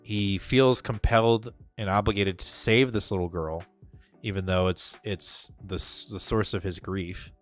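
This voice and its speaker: Male co-host, lower register, casual and excitable, loose profanity, faint background music. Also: a little slow. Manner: excitable, swears casually, filler-heavy. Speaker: podcast co-host. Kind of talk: casual comic book review chat.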